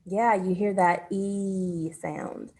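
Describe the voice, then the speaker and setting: Slow, patient phonics teacher woman. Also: mid-range voice, fairly even intonation, a little mellow. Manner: slow, patient, pausing for answers. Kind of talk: phonics lesson for children.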